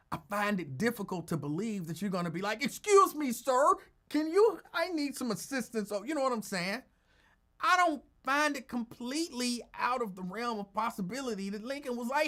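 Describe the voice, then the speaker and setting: A male radio talk host spins a story in a casual, teasing voice, with a pitch that swings widely up and down. He dramatizes the moments and lingers on them for effect. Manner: animated, teasing, acts out quotes.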